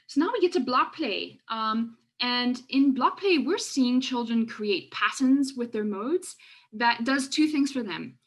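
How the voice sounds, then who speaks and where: A woman researcher giving an online lecture over a video call, explaining classroom clips with many fillers and restarts. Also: fairly high pitch. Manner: halting, frequent fillers and restarts. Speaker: education researcher presenting a webinar. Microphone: video call with screen sharing.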